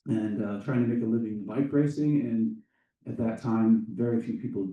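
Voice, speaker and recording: A man in his fifties giving welcoming remarks at a conference, telling a personal story in a halting, thoughtful way. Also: fairly low pitch, muffled recording. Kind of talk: public speech with a personal story. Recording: echoey room, voice from a distance.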